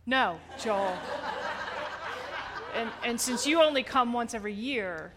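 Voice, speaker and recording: A woman's voice: on the high side, lively intonation, unhurried, a crowd in the background. A woman pastor leading a congregation discussion in a church, prodding people with questions and laughing easily. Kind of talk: open group discussion in church. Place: church sanctuary.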